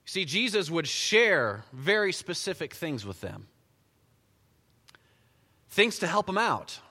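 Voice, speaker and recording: A pastor delivers a conversational, animated sermon, storytelling as he goes. His voice is higher than most men's and bright, with a forceful edge. A long reverb from the sanctuary trails behind him. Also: slow pace. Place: church sanctuary.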